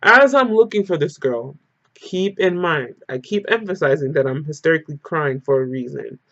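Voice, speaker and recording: A young man telling a personal story to camera in a casual, animated, emotional way, with lots of "like". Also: a little high, moderate pace, vocal fry. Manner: animated, emotional retelling full of "like". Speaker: storyteller vlogger. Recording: muffled lo-fi audio.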